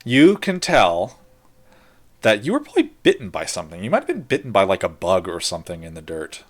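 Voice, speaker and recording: A man's voice: sits low, huge pitch swings. A man running a tabletop game as game master, narrating in a loose way full of fillers. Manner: loose, filler-heavy narration with quick bursts.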